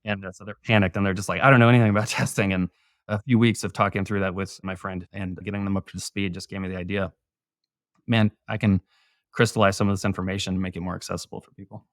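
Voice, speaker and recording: A man's voice: low voice, level tone, quick pace, no room sound, clean studio sound. A man, a guest author, explaining his views in a casual panel discussion. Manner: explanatory, conversational.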